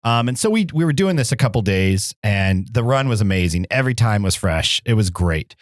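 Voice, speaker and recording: A man's voice: on the low side, lively intonation, fairly quick, dry recording, studio quality. A man co-hosting a podcast, telling a long anecdote in casual chat with lots of "like" and "um.". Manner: rambling anecdote full of "like" and "um". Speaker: podcast co-host.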